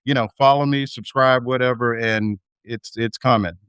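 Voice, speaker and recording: Smooth-voiced man, halting casual talk. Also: mid-range voice, fairly even intonation, a bit bright, dry recording, studio quality. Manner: halting, full of fillers and restarts. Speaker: guest. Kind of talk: casual live video chat.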